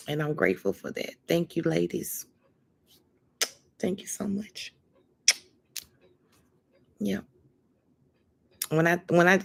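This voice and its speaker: This is a woman, chatting to viewers on a live stream. Her voice sits a little low. She talks emphatically and fondly, leaning on honey and baby as she speaks into her phone or webcam. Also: creaky. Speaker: livestream host. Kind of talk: casual livestream chat.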